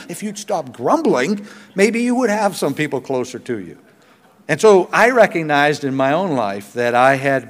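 A man's voice: a little high, fairly bright tone. An older man preaching a sermon as pastor, earnest and conversational, with self-deprecating humor. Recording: long hall reverb.

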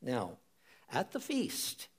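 Guy preaching a sermon, slow and deliberate, voice swings way up and down, hammers the same phrases again. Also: medium pitch, huge pitch swings, husky. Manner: emphatic, repeats key phrases for stress; addresses listeners directly as folks.

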